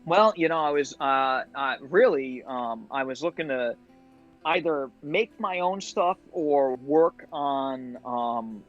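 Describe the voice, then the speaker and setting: A chatty man from Rhode Island talks as a podcast guest, rambling through his stories and laughing easily. His voice sits at an ordinary middle pitch. Faint music plays underneath. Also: takes it slowly, muffled recording. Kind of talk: casual chat.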